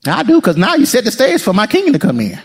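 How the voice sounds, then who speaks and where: Man, pastor, playful preaching, swooping pitch. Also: fast, husky. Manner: lively, playful preaching with laughter and asides to the congregation. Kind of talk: sermon.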